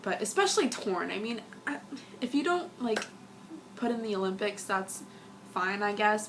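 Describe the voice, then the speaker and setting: A young woman vlogger rambling through a casual fan review, gushing and giggly, a little sick and husky. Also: mid-range voice, lively intonation, measured pace, long pauses, background noise.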